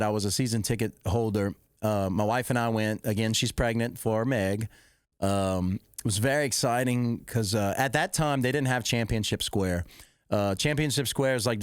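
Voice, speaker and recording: A middle-aged man, hosting a podcast, rambling and correcting himself as he excitedly recounts a football game. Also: mid-range voice, clean tone, dry recording, studio quality. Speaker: podcast host. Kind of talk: casual storytelling.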